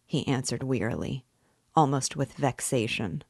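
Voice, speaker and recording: A woman reading a classic novel aloud in a measured, steady narration. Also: low voice, no echo, studio quality. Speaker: book reader and guide.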